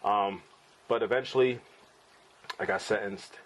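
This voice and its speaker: A man's voice: lowish voice, steady tone, a little slow, a bit bright, slight background noise, low-quality recording. A man in his forties, a podcast host and father, telling a candid personal story in a casual, blunt way with plenty of swearing. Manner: casual, blunt, swears freely, acts out quoted people.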